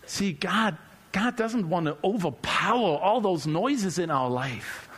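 A male preacher delivering a relaxed, humorous sermon who often repeats words as he speaks off the cuff. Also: high voice, slow, slightly rough. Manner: conversational and humorous, repeats words while searching.

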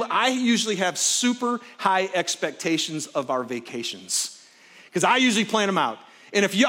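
A middle-aged male pastor delivering a sermon to a live congregation, his voice sitting noticeably high for a man. He tells stories vividly, rising loud and animated, then dropping to near-hushed intensity to drive a point home. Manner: expressive storyteller, swings from loud excitement to hushed intensity. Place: stage before a live congregation.

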